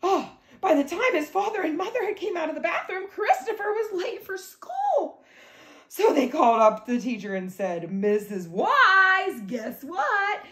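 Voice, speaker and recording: A woman's voice: very high-pitched, very animated, moderate pace. A woman reading a picture book aloud to young children, playful, adding sound effects and prompting them to join in. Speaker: guest story reader. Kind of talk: animated read-aloud to children. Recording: echoey room.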